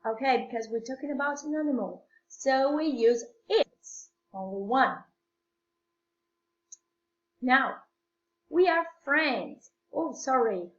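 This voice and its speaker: A woman English teacher with an Italian accent, explaining grammar slowly and patiently to young learners, repeating phrases and switching into Italian. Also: high-pitched, animated. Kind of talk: slow classroom explanation mixing English and Italian. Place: at home. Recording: echoey room, dull lo-fi sound.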